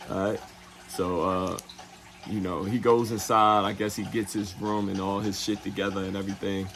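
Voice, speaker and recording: A man's voice: low-pitched, steady tone, fairly bright tone. A man telling a travel story in a loose, profane way, full of fillers and acted-out quotes. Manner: loose and profane, heavy fillers like "you know what I'm saying"; acts out other people's lines in quick put-on voices. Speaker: travel vlogger. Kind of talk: casual storytelling.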